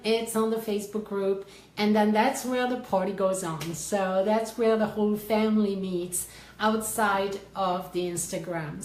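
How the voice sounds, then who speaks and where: A Frenchwoman with a French accent and a mid-range voice hosts a life coaching livestream from her office, chatting casually and greeting viewers by name with effusive enthusiasm. The recording is rough and the sound is roomy.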